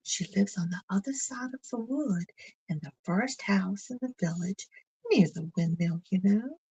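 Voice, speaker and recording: A woman's voice: medium pitch, unhurried, mellow, slightly rough, highs cut off. A woman voicing a sweet, innocent little girl in a red hood, with an eager, sing-song manner. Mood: chatty.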